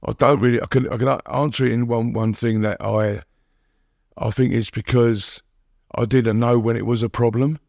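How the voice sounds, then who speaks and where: A middle-aged man, a guest telling his story haltingly, repeating words and saying "you know what I mean" often. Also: medium pitch, steady tone, gravelly, darkish tone, no echo, studio quality. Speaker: podcast guest. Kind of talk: candid recovery interview.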